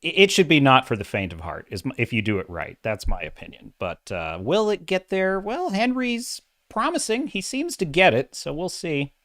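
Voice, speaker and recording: Male livestream host, middle-aged, dramatic and lively delivery, dry close-miked sound. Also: mid-range voice, fairly quick, few pauses, no room sound. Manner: animated, self-described dramatic, reads chat comments. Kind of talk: casual livestream commentary.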